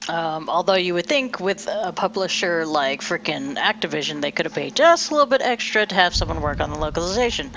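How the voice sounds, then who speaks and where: Low-voiced woman streaming a game. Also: animated, fairly quick, hardly any pauses, a bit bright, lo-fi sound, a little hiss or hum. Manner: rambling, swears casually, many fillers. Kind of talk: casual gameplay commentary.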